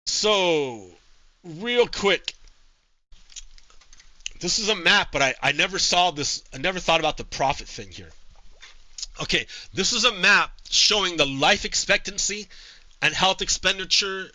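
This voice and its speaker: A male streamer giving casual political commentary to his live chat, halting with frequent repeats and restarts. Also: high-pitched, lively intonation, bright, forceful tone, no room sound, rough recording.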